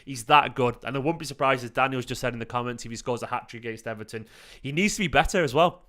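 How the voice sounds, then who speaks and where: A man hosting a casual fan livestream, excitable and rambling, urging viewers to act. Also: medium pitch, quick pace. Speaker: host of a fan channel. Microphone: desk mic.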